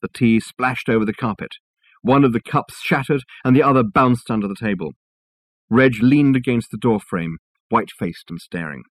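Husky male audiobook narrator. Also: mid-range voice, moderate pace, no room sound. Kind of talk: scripted narration of a novel.

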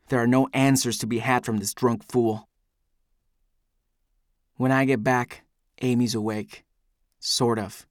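A man's voice: mid-range voice, little pitch movement, measured pace, long pauses, no room sound, studio quality. A man giving an intense, brooding first-person audiobook narration.

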